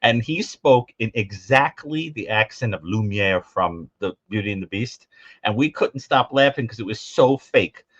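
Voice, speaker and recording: Animated male storyteller, lively pitch. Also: moderate pace, no echo, dull audio. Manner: animated storyteller, mimics voices, laughs often. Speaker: co-host. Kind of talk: casual call-in show banter.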